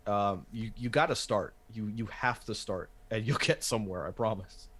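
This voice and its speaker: A man's voice: lowish voice, moderate pace, fairly bright tone, slightly rough. A man who hosts a wrestling podcast, talking casually and animatedly, swearing and restarting his sentences.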